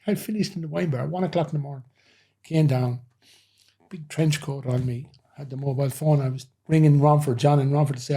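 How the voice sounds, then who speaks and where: A man's voice: mid-range voice, warm tone, slightly rough. A middle-aged man, a former doorman telling rambling anecdotes in a casual interview, often saying "you know". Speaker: former nightclub head doorman, guest.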